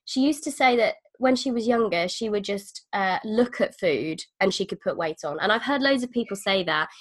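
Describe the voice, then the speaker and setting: A woman's voice: medium pitch, expressive, moderate pace. A woman hosting a podcast, chatting with enthusiasm and now and then acting out quoted voices. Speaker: podcast host. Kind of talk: casual podcast conversation.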